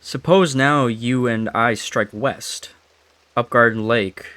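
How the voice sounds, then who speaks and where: Voicing a bossy, blunt hunting guide from an old tale, a young man speaks in his ordinary voice, taking it slow and careful. His pitch is medium and his tone fairly bright. There's no echo in the recording.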